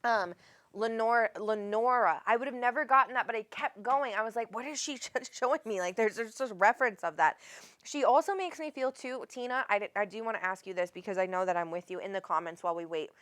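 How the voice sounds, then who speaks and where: A woman's voice: on the high side, quick pace, a bit bright. A woman psychic host who talks in a loose, rambling stream, breaking off mid-thought and restarting. She is affectionate with her caller, calling her honey, and drops the odd casual curse. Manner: rambling, self-interrupting, casual swearing. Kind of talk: live spirit reading.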